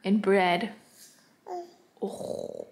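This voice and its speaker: A woman's voice: mid-range voice, wildly swooping pitch, drawn-out words. A woman filming a family vlog at home, talking with her toddlers in a sing-song, cooing voice. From Southern California. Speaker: mother and family vlogger. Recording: echoey room with clear background noise.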